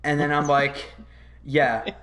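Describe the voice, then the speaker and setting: A man's voice: a little high, slow. Rambling profane young man telling a story. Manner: rambling, profane, animated retelling. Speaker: podcast host. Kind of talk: casual storytelling.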